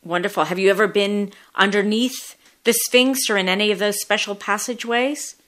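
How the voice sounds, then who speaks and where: A woman hosting a podcast, asking questions and explaining history in a lively, inquisitive way. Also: mid-range voice, normal speed. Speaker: podcast host. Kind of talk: casual interview and explanation.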